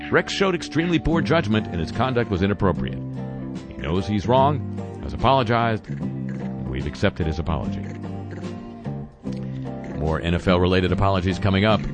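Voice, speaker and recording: Man, very low voice, deadpan satirical news host, wry asides, music playing underneath.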